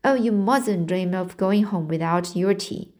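A woman's voice: mid-range voice, a little slow, a little mellow, lightly acted. A woman reading aloud voices an eager, chatty young girl who pleads with her guest in a storybook. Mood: pleading.

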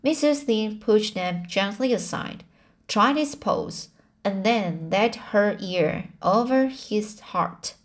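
A woman reading a classic novel aloud chapter by chapter, often pausing on fillers and restarting words. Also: medium pitch, animated. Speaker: audiobook reader.

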